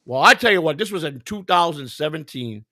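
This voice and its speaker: A man's voice: fairly high pitch, expressive, a little fast, bright, forceful tone, dry recording, studio quality. A man hosting a livestream, telling stories in casual chat in a blunt, profane, emphatic way and acting out other people's lines. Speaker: livestream host.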